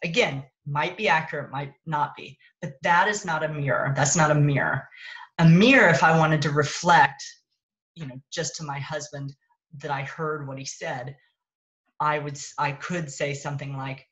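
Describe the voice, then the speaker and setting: A woman with a low voice gives a casual parenting talk over a phone mic. She thinks out loud, stops to rephrase, and keeps a relaxed, conversational flow. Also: normal speed, highs cut off. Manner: conversational, thinks aloud and corrects herself. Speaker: parenting coach. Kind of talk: casual teaching talk on a live stream.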